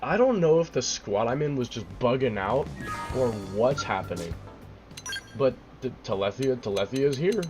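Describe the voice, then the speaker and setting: A man's voice: mid-range voice, lively intonation, moderate pace, music in the background. A young man streaming a game live, baffled and swearing, repeating himself, his voice cracking and cutting out.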